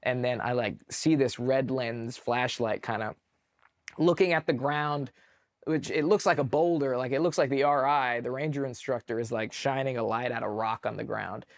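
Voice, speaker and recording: Animated, profane male veteran storyteller. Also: mid-range voice, moderate pace. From California, USA. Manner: animated, filler-heavy, profane. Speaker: guest, army veteran. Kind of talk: casual storytelling.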